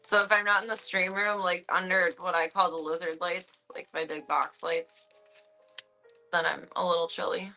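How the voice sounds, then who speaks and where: A woman's voice: on the low side, steady tone, moderate pace, pushed and bright, soft background music. Doting woman streamer, playful baby talk. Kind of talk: casual chat to her pet. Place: at home, outside her stream room.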